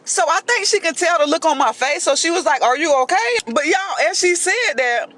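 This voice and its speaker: A woman telling a dramatic story in a casual storytime monologue, animated and keeps addressing her listeners directly. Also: very high voice, a little fast.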